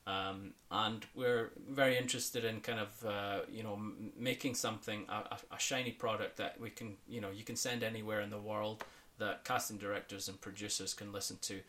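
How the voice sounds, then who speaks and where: A man from Scotland who coaches accents talks at a relaxed interview pace. His voice sits a little low and has a bright, forward edge. He rambles with fillers and restarts, laughing easily. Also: fairly quick, few pauses. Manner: chatty, laughs often, many fillers and restarts. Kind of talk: podcast interview.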